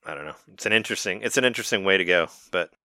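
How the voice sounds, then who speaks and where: A man with a lowish, bright, forward voice, chatting casually and bluntly about games. He laughs easily and repeats words as he gets going. The recording is dry and close. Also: very fast, dry recording. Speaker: podcast co-host. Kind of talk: casual chat.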